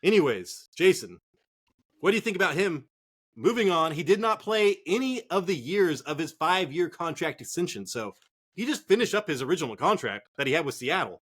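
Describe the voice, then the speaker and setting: Man, fantasy football co-host, rambling, jokey, swears a lot, slightly high voice. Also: big pitch swings, fairly quick, fairly bright tone, slightly rough. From Northern California. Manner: rambling, joking, swears freely. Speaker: podcast co-host. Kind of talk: casual profane sports chat. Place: cold garage.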